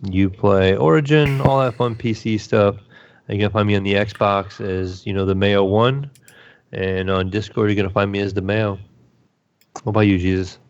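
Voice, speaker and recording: Low-voiced man in casual podcast chat. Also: steady tone, moderate pace, clear, resonant tone, highs cut off. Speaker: podcast co-host.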